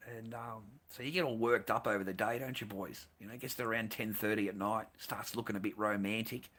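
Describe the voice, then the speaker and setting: A man's voice: fairly low pitch, steady tone, brisk, a bit bright. A man hosting a stream who talks in a crude, profane and rambling way. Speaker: streamer host.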